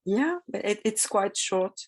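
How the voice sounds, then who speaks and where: Slow, hesitant woman reading her writing. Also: medium pitch, lively intonation, slightly rough. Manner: slow, hesitant, self-correcting. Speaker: workshop participant. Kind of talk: reading her own fiction aloud.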